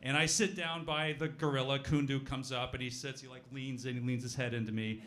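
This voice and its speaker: A man's voice: mid-range voice, level tone, brisk, a bit bright. A man from Denver, a guest player on a live stage show, telling a rambling anecdote with laughter. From Denver, USA.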